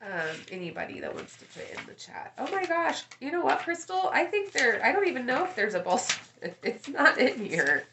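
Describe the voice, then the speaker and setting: A woman's voice: high-pitched, big pitch swings, moderate pace, noisy background. A woman coach chatting casually on a live stream, rambling and addressing viewers by name, with casual swearing. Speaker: life coach hosting a live session.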